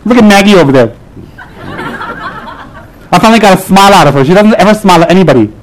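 A man giving a lively, joking Buddhist talk to a live audience, driving points home with repeated punchy lines. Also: high voice, fast talker, low-quality recording. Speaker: Buddhist lama teaching his group.

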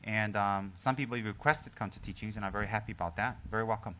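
A man gives a Dharma teaching to his group as their teacher. His voice sits low with a bright, forceful edge. He jokes easily and then settles into calm, soft storytelling full of fillers and restarts. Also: quick pace, a little hiss or hum. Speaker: Buddhist teacher.

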